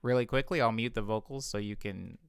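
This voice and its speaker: Low-voiced man walking through music production. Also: gravelly. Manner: explains step by step with quick self-corrections. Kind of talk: casual tutorial walkthrough. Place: home music studio.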